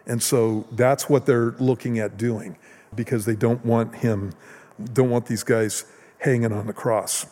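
A man pastor preaching a sermon in a conversational way, with restarts and rises in pitch and volume for emphasis. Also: warm tone. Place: church hall. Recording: long hall reverb.

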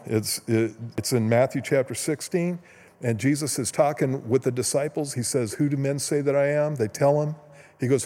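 A man preaching a sermon as pastor, retelling stories in a casual, conversational way with quick asides. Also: medium pitch, warm tone, in a large hall. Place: church sanctuary.

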